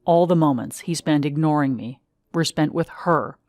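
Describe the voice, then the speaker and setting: A woman reads a first-person memoir aloud in a measured, expressive way. Her voice sits low, and it is recorded close and dry with no room sound. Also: dry recording. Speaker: audiobook narrator. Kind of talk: memoir audiobook narration.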